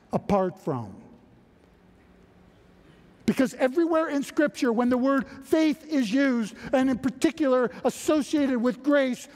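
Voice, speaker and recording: A man's voice: extremely high pitch, a little mellow. A man preaching a sermon, emphatic, asking rhetorical questions and answering them. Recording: reverberant hall.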